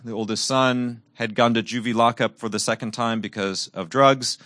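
A man's voice: mid-range voice, fairly even intonation, moderate pace, no echo. Earnest preaching man, dry sound. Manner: earnest, swings from bright emphasis to soft, quiet reflection. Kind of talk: sermon with personal storytelling.

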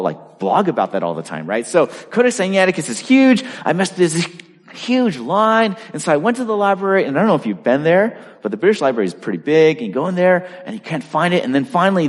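A man preaching a sermon in a conversational style, full of asides and lively storytelling. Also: mid-range voice, big-room sound. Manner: animated, conversational, lots of asides. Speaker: pastor.

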